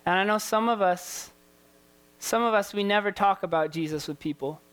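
A man's voice: high voice, normal speed, a bit bright, clean tone. A man preaching a sermon as a youth pastor, impassioned and repetitive, firing rhetorical questions at his listeners.

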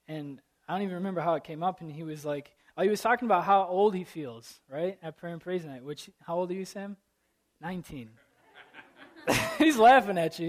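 Man in his thirties, preacher, earnest, halting, fillers, a bit high-pitched. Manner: earnest, halting, self-deprecating, with frequent fillers. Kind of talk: prayer and sermon opening.

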